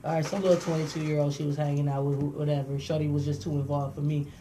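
A woman's voice: low voice, fast. A woman co-hosting a casual chat, telling a wild story with profanity and acting out the voices of others. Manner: animated, profane, acts out voices in quotes. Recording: distant mic with faint noise.

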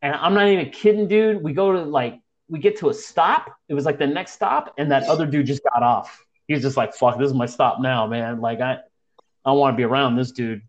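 Speaking briskly at medium pitch over lo-fi sound, a young man recounts a story to his friends. His retelling is animated, full of swearing and slang, and he imitates the people involved.

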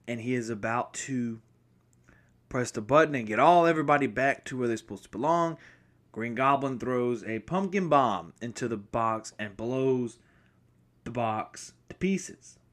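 In a mid-range voice and a slightly slow pace, a podcast host walks through a film he remembers, correcting and restarting himself often. He gets excited, rambles, and sometimes says sorry for jumping around.

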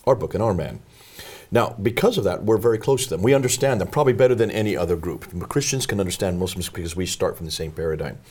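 Low husky male host, brisk, keeps the questions coming. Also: lively intonation, a little mellow. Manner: prompting, question-asking. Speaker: show host. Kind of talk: conversational interview.

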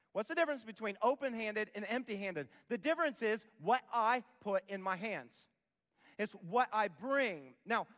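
A man's voice: sits high, fairly bright tone, in a large hall. A man preaching a sermon as pastor, emphatic, repeating key phrases and acting out the voices of people he quotes. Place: church auditorium.

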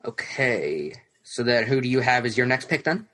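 A man's voice: mid-range voice, sing-song, normal speed, a bit bright. A male co-host makes fantasy baseball picks in a loose, casual conversation. He talks freely and keeps pressing his partner with questions about their rankings. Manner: chatty, quizzes his co-host. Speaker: podcast co-host.

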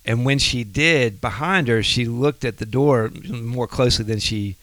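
A man's voice: mid-range voice, measured pace, a bit bright, no room sound. A man co-hosting a casual faith podcast, a chatty storyteller who laughs easily. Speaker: podcast co-host.

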